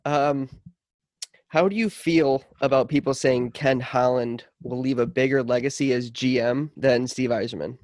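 A man's voice: mid-range voice, fairly even intonation, moderate pace, darkish tone, no echo. Laid-back podcast co-host man, dry sound. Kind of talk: casual sports podcast chat.

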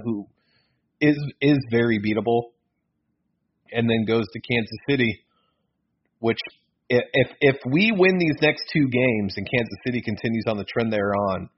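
A man co-hosting a casual sports podcast, rambling and excitable, often correcting himself mid-sentence. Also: on the low side. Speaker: podcast co-host. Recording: dull lo-fi podcast audio.

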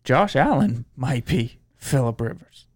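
A man co-hosting a podcast in casual sports chat, telling stories in a relaxed way with casual swearing. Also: mid-range voice, a little slow. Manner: relaxed, laid-back storytelling with casual swearing. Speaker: podcast co-host.

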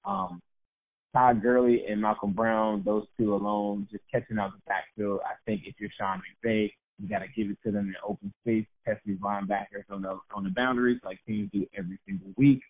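A man's voice: lowish voice, fairly quick, vocal fry. A man co-hosting a podcast, talking casually about football and laughing at himself. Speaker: podcast co-host. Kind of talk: casual sports talk. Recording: narrow phone-like sound.

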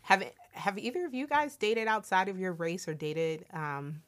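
A young woman from Delaware in casual conversation, reflective and quick to laugh. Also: medium pitch.

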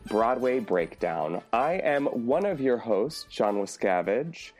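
A man's voice: mid-range voice, expressive, slow, a little mellow, faint music behind. A man co-hosting a podcast in casual banter, giggly and trailing off with um's. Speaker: podcast co-host.

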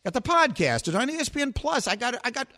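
A man's voice: extremely high pitch, very animated, quick pace, pushed and bright. Talkative middle-aged male sports-radio host. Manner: talkative, playful, self-mocking. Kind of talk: casual sports talk banter.

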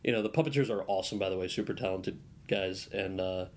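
A man's voice: low-pitched, quick pace. A man guesting on a casual podcast interview, telling stories in a rambling way with lots of restarts. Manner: rambling storyteller with many restarts.

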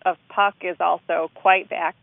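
A linguist calmly breaking down vowel pronunciations in recorded speech. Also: mid-range voice, a little slow, creaky. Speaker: linguist analyzing accent recordings. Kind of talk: explanatory commentary. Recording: tinny phone line.

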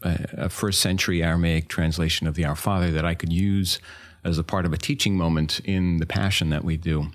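A man's voice: sits low, steady tone, brisk, few pauses. A man talking as a guest on a podcast, hesitant with many fillers and restarts. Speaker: guest actor. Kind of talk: casual podcast chat.

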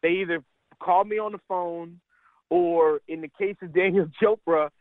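A middle-aged man, a caddie and stand-up comedian, telling animated, laughing stories as a radio interview guest. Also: high-pitched, normal speed, no echo. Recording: tinny phone line, dry.

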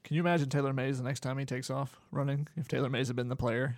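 A man's voice: medium pitch, little pitch movement, fast, darkish tone, dry recording. A man co-hosting a casual podcast chat, opinionated and ranting, with dry jokes. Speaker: podcast co-host.

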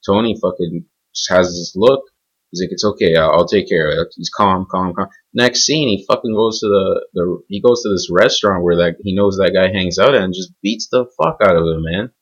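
Young guy, low husky voice, swearing, rambling casual rant, muffled lo-fi sound. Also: normal speed. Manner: profane, rambling, emphatic with frequent "man" and "bro". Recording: dull lo-fi recording.

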